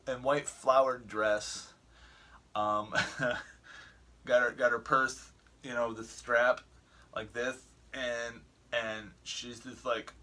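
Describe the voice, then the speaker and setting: A man's voice: medium pitch, sharp tone. A middle-aged man telling a story in a casual vlog, rambling with frequent restarts and chuckles. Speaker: vlogger.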